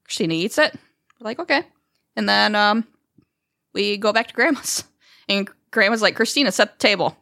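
A woman co-hosting a podcast, telling childhood family stories in a lively, casual way, swearing freely and acting out what others said. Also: medium pitch, normal speed, gravelly, pauses often, no room sound, studio quality. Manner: animated, swears freely, acts out quotes. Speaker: podcast co-host. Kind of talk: casual storytelling chat.

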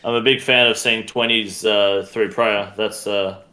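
With a fairly low, steady voice that sounds pushed and bright, this Australian game streamer speaks unhurriedly as a guest on a gaming podcast. His casual talk turns into blunt, profanity-laden rants.

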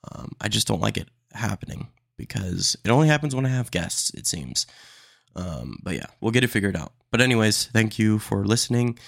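A man hosting his own podcast, ranting in a casual, animated way and calling listeners "dude" and "man". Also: on the low side, creaky, no room sound, clean studio sound. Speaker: podcast host. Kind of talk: solo casual podcast rant.

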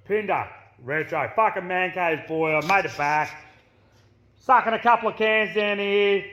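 A man's voice: sits high, a little slow, bright, forceful tone, reverberant. A man voicing a rowdy, foul-mouthed Australian bloke with an Australian accent, telling a boozy story in a played-in clip. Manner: boisterous, swearing constantly, beer-soaked storytelling. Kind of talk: recorded comedy character bit.

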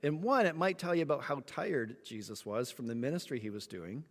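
A man preaching a sermon, telling a story with lively acted-out moments. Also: mid-range voice, fairly quick, long reverb tail. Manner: animated storytelling, acts out voices. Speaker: pastor.

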